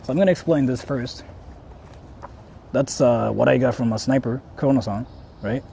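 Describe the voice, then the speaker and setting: A man's voice: mid-range voice, moderate pace, creaky, dark tone, slight background noise. A young man vlogging outdoors, talking casually with lots of swearing, laughing and repeating himself. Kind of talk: casual IRL vlog. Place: outdoors in a city.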